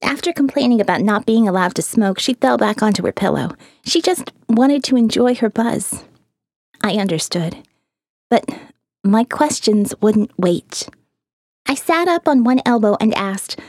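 A woman narrating a first-person audiobook in a measured, even storytelling voice. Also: mid-range voice, dry recording, studio quality.

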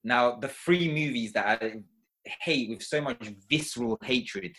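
A man in casual podcast chat, ranting animatedly and getting loud when annoyed. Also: medium pitch, measured pace.

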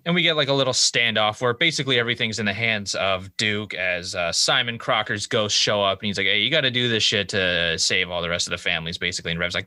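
Bright-voiced casual male podcast host. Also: fairly low pitch, dry recording. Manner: loose, profane storytelling with quick quoted asides. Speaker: podcast co-host recapping a TV episode. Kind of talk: casual chat.

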